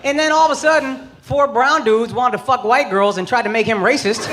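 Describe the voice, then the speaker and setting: A man in his thirties doing stand-up comedy, loud, brash and profane, shouting his punchlines. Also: very high voice, a little fast, hardly any pauses. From United States. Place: large theater on stage. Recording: live stage recording with loud crowd laughter. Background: loud audience laughter.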